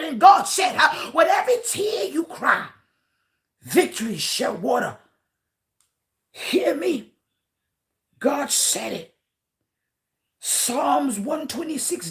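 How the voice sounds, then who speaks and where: A woman pastor, preaching a livestreamed sermon, often shouting and punctuating her lines with "uh" and "huh". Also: very high-pitched. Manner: shouting, preaching with rising intensity and "uh" and "huh" fillers.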